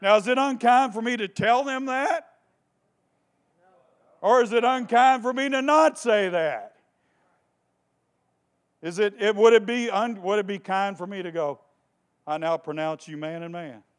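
A man preaching a sermon with passion, repeating phrases for emphasis and swinging between hushed tones and shouting. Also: high voice, measured pace, pauses often.

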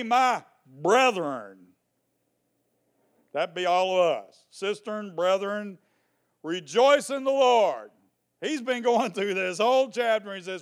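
Preacher guy, kinda high smooth voice, cracking jokes at church folks mid sermon. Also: sing-song, a little slow. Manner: joking, teasing the congregation; reads scripture aloud and explains it. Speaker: pastor. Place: church before a congregation.

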